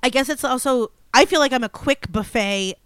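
A woman's voice: sits high, moderate pace, a bit bright, clear, resonant tone, no echo. A woman co-hosting a podcast in casual chat, talking in a chatty way and reading out listener messages. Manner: chatty, many "like" fillers, laughs easily. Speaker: podcast co-host.

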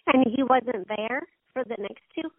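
A woman hosting an interview reacts to the story with short, amazed exclamations and quick questions. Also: a little high, dry recording. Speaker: host. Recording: tinny phone line, dry.

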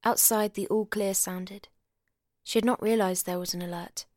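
A woman reads a novel aloud in a measured, soft narrating voice of middling pitch. The recording is close and dry, with no room echo. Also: steady tone. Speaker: audiobook reader.

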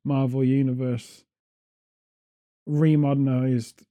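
A man's voice: medium pitch, little pitch movement, takes it slowly, mellow, muffled recording. Rambling British man on a podcast. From Britain. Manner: rambling, jokey, goes off on tangents. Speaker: podcast host. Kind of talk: casual chat.

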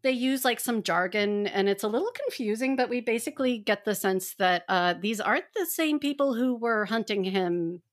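A woman's voice: fairly high pitch, moderate pace, few pauses. A woman co-hosting a casual fan podcast, talking animatedly and acting out characters' lines as she retells scenes. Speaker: podcast co-host.

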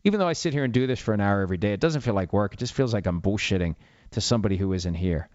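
A man's voice: on the low side, expressive, rapid-fire, darkish tone, no echo, highs cut off. A man in his fifties hosting a sports talk podcast alone, rambling and opinionated with a self-mocking streak. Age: 50s. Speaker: sports radio podcast host. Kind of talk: solo talk show monologue.

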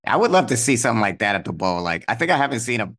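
A man in casual comedic podcast chat, relaxed and agreeable, chuckling along. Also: mid-range voice, very fast.

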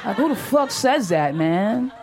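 A woman's voice: a little high, big pitch swings, measured pace, background noise. A woman doing a brash, profane stand-up comedy set on stage, talking animatedly and laughing often. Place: comedy stage before an audience.

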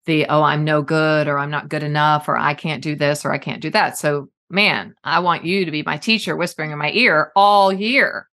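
A woman with a notably low voice hosts a casual conversation. She talks in an animated, emphatic way, tossing in quick asides as she goes. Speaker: podcast host.

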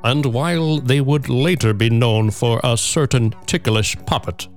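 A man hosting a podcast, reading a prepared story in a measured, dry way that builds to punchlines. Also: medium pitch, faint music behind. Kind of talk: scripted narration with casual banter.

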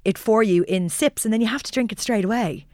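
A woman's voice: mid-range voice, quick pace, darkish tone, no room sound, studio quality. A woman in her forties with an Irish accent, a journalist co-hosting, chatting and describing places with self-deprecating asides. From Ireland. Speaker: journalist and podcast co-host. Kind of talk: casual conversational chat.

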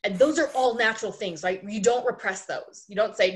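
A woman coach talks in a casual podcast interview with a mid-range voice. She tells her stories with emphatic repetition and a lot of energy, and she builds each point in steady, rhythmic steps. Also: medium pitch, a little fast. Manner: animated storyteller, emphatic repetition. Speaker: ice skating coach, podcast guest.

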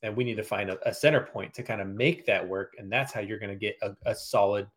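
A man's voice: on the low side, fast, fairly bright tone, husky. Man explaining design on a podcast. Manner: explains steadily, acts out client dialogue. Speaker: graphic designer guest. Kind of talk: casual interview answers.

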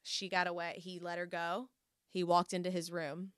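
A young woman telling a story in casual chat, animated and acting out what people said. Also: on the low side, moderate pace, clear, resonant tone, dry recording, clean studio sound. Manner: animated storyteller, acts out quoted voices.

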